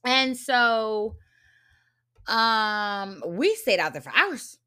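A woman hosting a podcast, telling a story in a blunt, profane and animated casual monologue. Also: a little high, extremely slow, clean tone. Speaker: podcast host.

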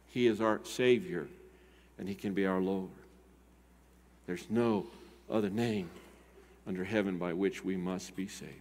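An older man preaching a sermon as pastor, swinging between loud urgent appeals and quiet, slow emphasis. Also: on the low side. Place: church sanctuary. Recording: long hall reverb.

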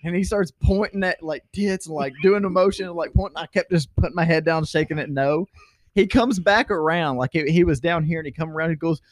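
A man's voice: on the high side, fairly quick, no echo. A man in his thirties chatting crudely on a podcast, laughing often as he tells stories. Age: 30s. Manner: laughs a lot, crude storytelling. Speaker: podcast co-host. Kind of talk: casual chat.

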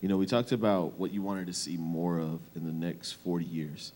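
A man interviewing a pastor, brisk and polite as he asks a final question. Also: low voice, fairly even intonation, darkish tone, slight background noise.

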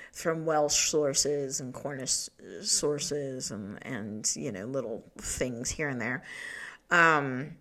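A woman's voice: sits low, a bit bright. A woman hosting a solo podcast in a rambling, profane way, laughing often and restarting her sentences. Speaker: podcast host. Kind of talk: casual solo podcast talk.

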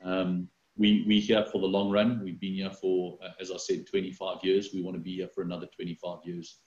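A man speaking as an interviewed business executive over a video call, halting with many fillers and restarts. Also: deep voice, little pitch movement, a little mellow. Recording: roomy, dull video call audio.

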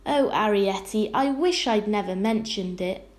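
A woman doing a worried tiny mum, fussy and weepy, talks slow. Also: medium pitch, a little mellow, lightly acted. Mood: fretting. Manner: fussy, tearful, easily alarmed. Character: anxious fretful tiny mother, middle-aged.

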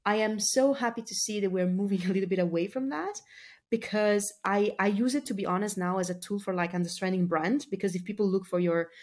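A woman's voice: mid-range voice, brisk, darkish tone. A woman speaking as a marketing guest on a podcast, talking in a chatty, filler-heavy casual way and laughing easily. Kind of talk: casual interview talk.

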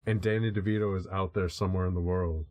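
A man's voice: deep voice, fairly even intonation, fast talker, a little mellow. A man co-hosting a podcast, chatting in a wry, amused, self-deprecating way. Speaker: podcast co-host. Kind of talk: casual chat.

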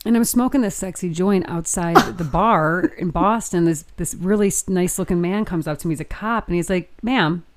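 A woman co-hosting a podcast in casual chat, telling animated stories and giggling often. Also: fairly low pitch, fairly quick, few pauses, heavy background noise. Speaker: podcast co-host.

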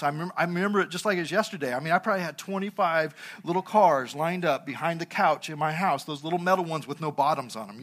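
A middle-aged pastor delivers a sermon with a forceful, bright tone and a fairly high pitch for a man. He preaches through funny, personal anecdotes. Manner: anecdotal, humorous storytelling.

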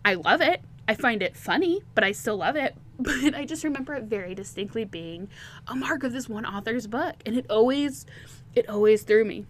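A woman's voice: fairly high pitch, lively intonation, moderate pace, slight background noise. A woman hosting a podcast, recapping a romance novel chapter by chapter in a chatty, candid way, laughing now and then. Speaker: podcast host. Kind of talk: casual book recap.

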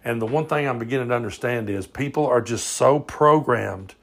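A Southern American man hosts his own small podcast, talking straight into his phone in a loose, drawling ramble. His voice carries a gravelly fry, and he swears freely and casually as he goes. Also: medium pitch, a little fast, a bit bright. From southern United States. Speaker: podcast host.

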